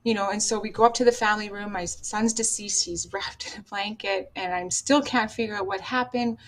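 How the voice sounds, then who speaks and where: Casting: woman from Canada, podcast guest, raw and halting personal storytelling, mid pitch. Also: steady tone.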